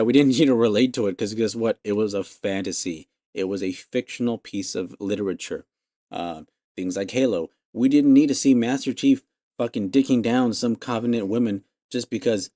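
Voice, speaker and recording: A man's voice: fairly low pitch, darkish tone, no room sound. A man hosting a podcast, ranting casually with lots of swearing and exasperated laughs. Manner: profane, exasperated, laughs mid-sentence. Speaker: podcast host.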